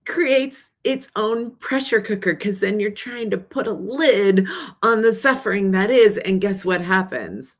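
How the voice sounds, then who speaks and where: A woman's voice: mid-range voice, big pitch swings, a little slow. A middle-aged woman speaking plainly and earnestly to her viewers in a casual reflective video, sometimes acting out anxious or soothing inner voices. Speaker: coach sharing weekly video reflections. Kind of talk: casual reflective talk to camera.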